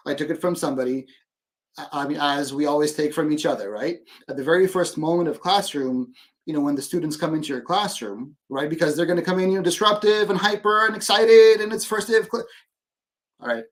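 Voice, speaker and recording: Animated man tagging talk with "right?". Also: a little high. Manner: animated, peppers sentences with "right?". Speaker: educator guest. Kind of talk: casual interview talk. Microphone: video call.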